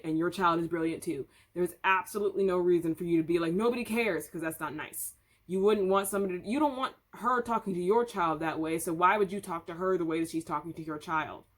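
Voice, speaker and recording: Woman vlogging from home, lowish voice, rambly and opinionated storytime chat. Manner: chatty, candid, opinionated, rambling. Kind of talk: casual storytime commentary. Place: home room.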